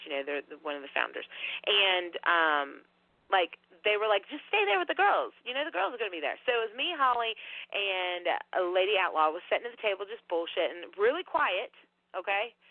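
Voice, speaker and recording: A woman, a podcast guest telling a ghost story in an animated, rambling, profane way. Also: mid-range voice, no room sound. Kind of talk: casual storytelling. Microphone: phone call. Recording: dry tinny phone line.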